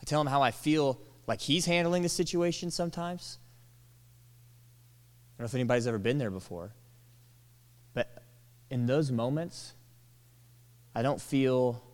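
A man preaching a sermon, animated, acting out quoted lines and dropping to soft, tender tones. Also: mid-range voice, a little slow, long pauses. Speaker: pastor. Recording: long hall reverb.

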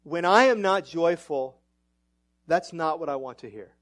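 High-voiced animated male pastor preaching. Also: measured pace. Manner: animated, self-mocking, rises to high excited pitch. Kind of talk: sermon.

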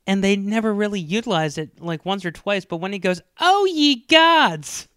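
A man co-hosting a casual podcast chat who keeps breaking into loud, exaggerated impressions of lines he quotes. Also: high voice, fast talker, clear, resonant tone, dry recording, studio quality. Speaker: podcast co-host.

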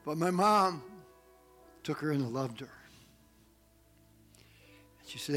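A male pastor preaching a sermon, telling family stories in an animated way and acting out the people in them. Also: fairly high pitch, takes it slowly, pauses often, soft background music. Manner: animated storytelling, acts out quotes.

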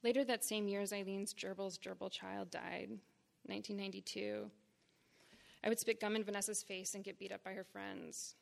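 Woman, 30s, writer reading her memoir live; measured phrasing, gravelly edge. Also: medium pitch, fairly even intonation. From Boston area, United States. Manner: deliberate, measured reading in short phrases with blunt frankness. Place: reading series event before an audience.

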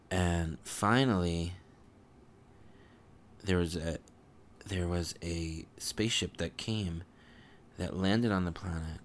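A father spins a bedtime story in a deep, gravelly voice. He meanders and restarts, and slows down for the dramatic parts. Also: a bit bright.

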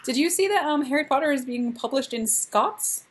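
A woman's voice: high voice, lively intonation, moderate pace, slight background noise. A young adult woman co-hosting a casual chat, telling stories with dry asides. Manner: chatty storyteller, dry asides. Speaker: podcast co-host.

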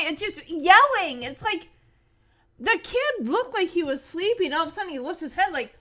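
Bright, animated young woman. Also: very high-pitched. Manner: animated, chatty, quick asides. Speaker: host recapping a sitcom. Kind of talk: casual commentary.

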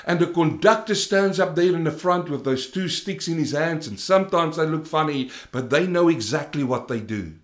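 A man delivers a sermon in a slightly high voice, swinging from loud, rising emphasis down to low, quiet stretches. The sound carries a roomy echo around him. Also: lively intonation, moderate pace, hardly any pauses, muffled recording. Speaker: preacher.

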